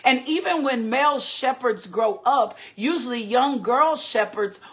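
A woman's voice: fairly high pitch, animated, a little slow, a bit bright. A woman preaching a sermon with fervent, repetitive, building cadences.

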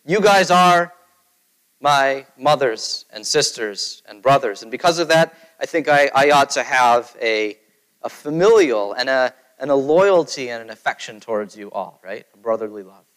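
A man's voice: medium pitch, lively intonation, normal speed, a bit bright, rough recording. A middle-aged man preaching a conversational sermon, often checking in with his listeners as he talks. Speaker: pastor.

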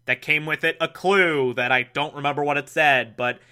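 A young man casually recapping an old show with sarcastic asides, laughing often and dropping into quick mock voices. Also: on the high side, steady tone, pushed and bright. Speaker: podcast host recapping a show.

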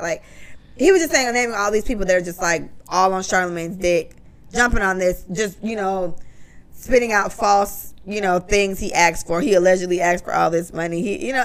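A woman's voice: mid-range voice, gravelly. A woman co-hosting a casual podcast, talking bluntly and profanely and giving strong opinions. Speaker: podcast co-host.

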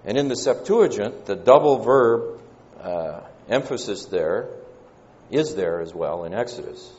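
A man with a Southern American accent preaching a sermon, measured and pausing, often saying "uh". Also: lowish voice, expressive, a little mellow. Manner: measured, pausing delivery with frequent "uh" fillers. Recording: dull lo-fi church recording with long reverb.

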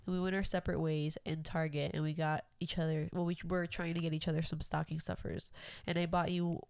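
A woman's voice: low voice, a little fast, creaky, clean tone, no room sound, studio quality. A young woman co-hosting a casual podcast chat, telling a story animatedly and acting out what people said. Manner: animated storyteller, acts out quotes. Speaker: podcast co-host.

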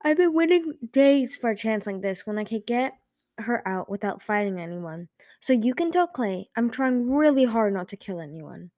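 A woman's voice: on the high side, lively intonation, normal speed, darkish tone, dry recording, close to an everyday voice. A blunt, bitter young female dragon, lonely and dangerous, speaks in a storybook reading, as a woman puts her on. The recording is dry and close. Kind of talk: audiobook reading.

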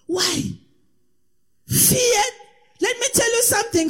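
A woman preaching a sermon in a sing-song cadence, swinging between impassioned shouts and hushed asides. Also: high voice, animated, a little slow. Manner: sing-song cadence, repeats praise refrains.

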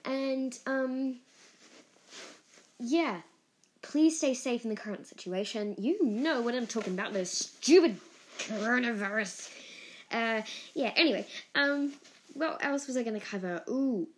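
A woman hosting her own podcast in a casual solo monologue, earnest and openly emotional, with giggles and bursts of excitement. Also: on the high side. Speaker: podcast host.

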